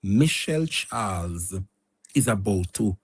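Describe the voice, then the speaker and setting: A man's voice: lowish voice, animated, slow, breathy edge. A Jamaican man hosting a political commentary show, speaking dramatically and addressing his listeners directly. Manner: preachy, dramatic, addresses listeners as "my dear people". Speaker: show host.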